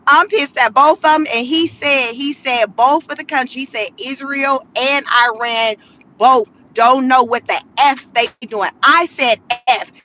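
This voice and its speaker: A woman's voice: sits high, fairly even intonation, a little slow, bright, forceful tone, poor audio. A woman giving casual, slangy commentary from her car, with laughing asides. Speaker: vlogger.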